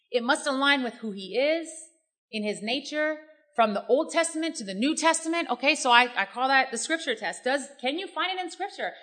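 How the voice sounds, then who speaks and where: Bright high-voiced woman preaching. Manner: preaching with call-and-response "amen" and "right?". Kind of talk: sermon.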